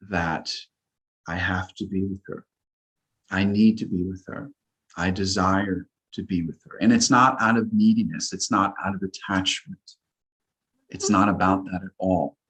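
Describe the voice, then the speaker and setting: A man talking earnestly as a guest on a spiritual talk show, repeating his affirmations slowly. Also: sits low, a bit bright, low-quality recording. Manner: earnest, slow, repetitive affirmations.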